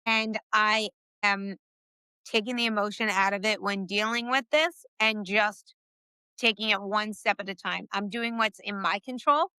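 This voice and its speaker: A woman, a podcast guest, talking casually in an animated, fast way with many fillers. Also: mid-range voice, clean tone, no room sound. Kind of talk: casual conversation.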